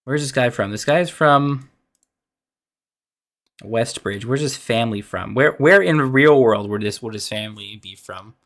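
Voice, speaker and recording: A man at a middle pitch, musing aloud as he works out plans for a tabletop game on a live stream. His speech is halting and full of restarts, and it often drifts off into quiet mumbling. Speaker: dungeon master streamer. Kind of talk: thinking aloud while planning a game.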